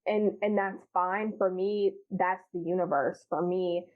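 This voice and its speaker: A woman's voice: on the low side, steady tone, unhurried. Frank, swearing woman on a phone line. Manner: frank, profane, laughs often, acts out her past self. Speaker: podcast guest. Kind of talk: candid casual chat.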